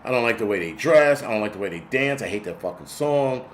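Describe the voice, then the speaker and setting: A man's voice: on the low side, lively intonation, quick pace, slight background noise. A middle-aged man hosting a casual livestream, ranting bluntly with lots of swearing and reading viewer comments. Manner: profane, blunt, rambling rant.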